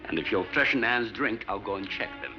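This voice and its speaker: An actor with a lowish voice and lively intonation plays an older research scientist and father in a 1950s film, speaking fairly quickly. His delivery is earnest, lecturing, and emphatic, heard through a muffled old soundtrack with music.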